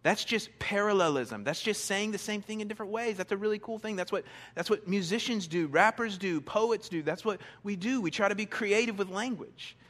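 A young adult male pastor giving a casual, conversational sermon from a church stage, with playful asides and quick bursts of excitement. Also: sits high, long reverb tail.

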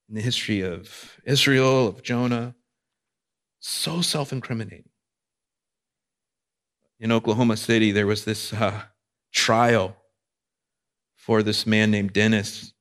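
A man's voice: mid-range voice, a bit bright. A male pastor preaching a sermon in a conversational way, checking in with his listeners.

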